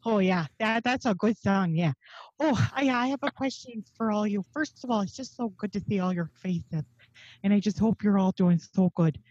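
Comic bit: a woman as an excitable older fan, breathless and scatterbrained, dead-dry video call sound. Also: medium pitch, normal speed, breathy edge, no echo, muffled recording, close to an everyday voice. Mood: gushing. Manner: gushing, breathless, stammering. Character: eccentric older female superfan, gushing and scatterbrained. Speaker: comedian interviewer.

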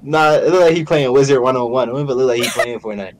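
A man's voice: mid-range voice, fast, a little hiss or hum. A man teasing his friend during casual gaming chat, slangy and laughing often. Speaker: gamer friend.

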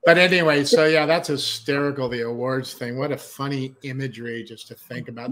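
A man's voice: mid-range voice, fairly quick, hardly any pauses, crowd noise. A man hosting a casual podcast chat, enthusiastic and profane, laughing often. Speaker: host.

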